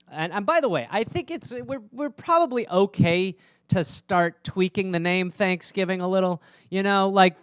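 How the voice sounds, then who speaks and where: A man's voice: high voice, clean tone, no room sound. Comedian guy riffing solo, sarcastic, voice jumps all over, dry sound. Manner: rambling, sarcastic, mock-outraged. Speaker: comedy podcast host.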